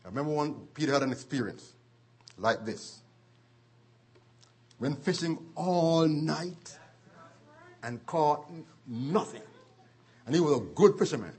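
A husky-voiced man preaching a sermon with a slightly raised pitch. He retells scripture stories in an animated way, slowing down for weight and chuckling as he goes. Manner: animated storytelling with chuckles and dramatic slowdowns.

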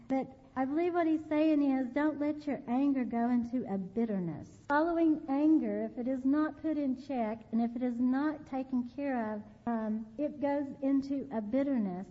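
A woman's voice: high voice, normal speed. An older woman giving an earnest sermon testimony, repeating key phrases for emphasis. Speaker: preacher. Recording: tinny phone-like sound with long reverb.

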